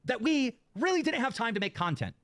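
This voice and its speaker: A man's voice: extremely high pitch, sing-song, brisk, a bit bright, dry recording. A man in a clip, ranting angrily at his audience and swearing constantly. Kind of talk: angry profane rant.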